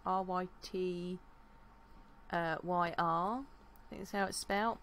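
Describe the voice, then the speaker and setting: A woman's voice: on the low side, steady tone, fairly bright tone, a little hiss or hum. A woman co-hosting a podcast, easygoing and casual in her chat. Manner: easygoing, quick reactions. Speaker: podcast co-host.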